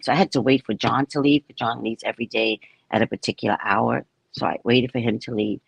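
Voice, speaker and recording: A woman psychic casually telling a story about her neighbors, animated and acting out the people she quotes. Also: very deep voice, a little fast, vocal fry, few pauses, slightly rough, no room sound. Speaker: psychic reader.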